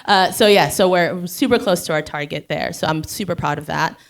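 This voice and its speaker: Woman panel guest, lower register, chatty and self-deprecating, laughs a lot. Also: brisk, creaky. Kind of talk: live Q&A panel talk.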